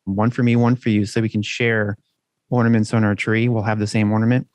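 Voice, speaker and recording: A man's voice: on the low side, little pitch movement, a little fast, darkish tone, no echo. A man co-hosting a podcast in loose, joking banter, swearing freely as he chats. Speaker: podcast co-host.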